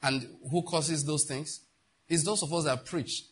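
Male pastor, husky voice, slightly high, emphatic sermon with rhetorical questions. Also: steady tone, measured pace.

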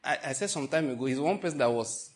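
A man preaching with a Nigerian Enugu accent, telling animated stories with mock outrage and laughter. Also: mid-range voice, quick pace. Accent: Nigerian English, Enugu. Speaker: pastor. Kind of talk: sermon.

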